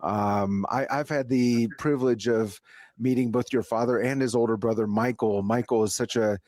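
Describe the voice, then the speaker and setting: A man's voice: medium pitch, steady tone, moderate pace, darkish tone, dry recording, studio quality. A man hosting a talk show, introducing his guest and recapping the story with many hesitations and light laughs. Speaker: radio talk host. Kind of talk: radio interview hosting.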